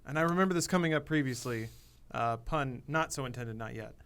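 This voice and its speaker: Bright-voiced joking man on a livestream. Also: medium pitch, brisk, smooth. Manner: joking, deadpan sarcastic. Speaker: podcast co-host. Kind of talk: casual livestream banter. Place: studio room, gaming livestream.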